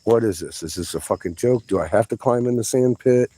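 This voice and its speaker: A man's voice: medium pitch, fairly quick, mellow, rough recording. A man giving a rambling vlog monologue outdoors, swearing often and sounding agitated as he exclaims. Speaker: vlogger. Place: outdoors in a yard.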